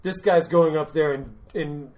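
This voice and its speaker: A man's voice: a little high, a little slow, darkish tone. A man hosting a casual chat about comedy open mic performers, rambling with stammering restarts.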